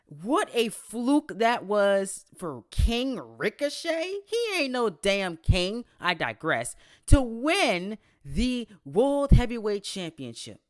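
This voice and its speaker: A man's voice: sits high, sing-song, takes it slowly, no room sound, clean studio sound, heavily acted. A man voicing an indignant, theatrical male wrestling fan who stammers through mock outrage, read out on a podcast. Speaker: podcast host reading a listener email. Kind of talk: exaggerated dramatic reading.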